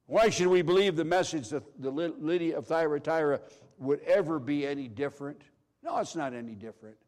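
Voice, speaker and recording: A middle-aged man preaching with a high voice. He is emphatic and presses his points hard, then sinks into low, hushed phrases for effect. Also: brisk. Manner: emphatic, swings from loud to hushed. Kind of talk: sermon.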